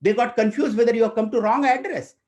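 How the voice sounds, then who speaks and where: A man's voice: very high-pitched, fast talker, darkish tone, highs cut off. A man with an Indian English accent, a corporate trainer telling a motivational story and speaking directly to his audience.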